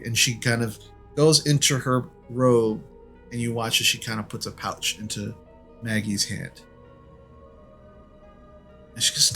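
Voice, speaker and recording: A man's voice: fairly low pitch, flat delivery, unhurried, pauses often, pushed and bright, faint music behind. A man narrating a tabletop game as game master in a casual, loose way. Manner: casual, loose, many fillers.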